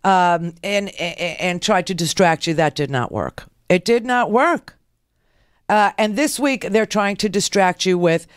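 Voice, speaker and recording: A woman's voice: lowish voice, lively intonation, measured pace, clean tone, no echo, clean studio sound. A middle-aged woman hosting a political talk radio show, with a sarcastic, mocking delivery. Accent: New York.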